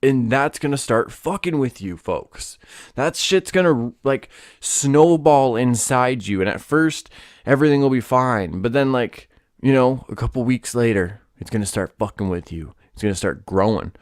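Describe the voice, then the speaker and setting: A man hosting a solo podcast, ranting in a casual, profane and animated way. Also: medium pitch, moderate pace, no room sound, studio quality. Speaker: podcast host.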